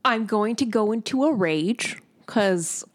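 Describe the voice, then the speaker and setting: A woman's voice: mid-range voice, expressive, slow. A woman playing a tabletop game in casual chat, laughing and swearing as she adds up her dice rolls. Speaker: player.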